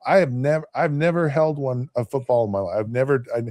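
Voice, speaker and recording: A man's voice: mid-range voice, a little fast, few pauses, a little mellow, dry recording, clean studio sound. A man in his fifties, a podcast host and former quarterback, telling a long story casually, restarting and repeating words as he goes.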